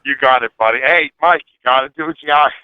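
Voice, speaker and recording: A man calling in, telling a wild story in a brash, animated way, swearing and laughing at his own antics. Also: mid-range voice, fast talker, smooth, no room sound. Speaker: phone-in guest telling a story. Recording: tinny phone line.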